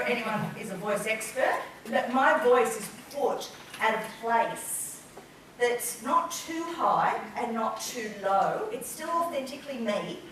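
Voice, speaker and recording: A woman's voice: a little high, fairly bright tone, slight background noise. A woman with an Australian accent giving a playful seminar talk to a live audience. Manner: playful, acts out flirty quotes with gasps and laughs. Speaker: business speaker. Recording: echoey room, mic far off.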